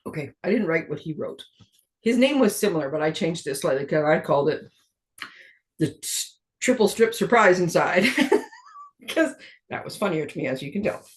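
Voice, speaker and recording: A woman's voice: deep voice, expressive, normal speed. A middle-aged woman from Canada hosting a card-making tutorial, chatty and rambling, often laughing at herself. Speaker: stamping demonstrator and card-making host. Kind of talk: casual craft tutorial chat.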